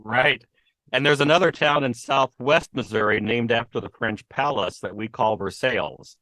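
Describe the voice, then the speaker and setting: A man of middle pitch runs a podcast interview, asking questions in a friendly, chatty way with plenty of fillers. His voice is close and dry, with no echo. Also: steady tone, normal speed, sharp tone. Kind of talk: casual interview.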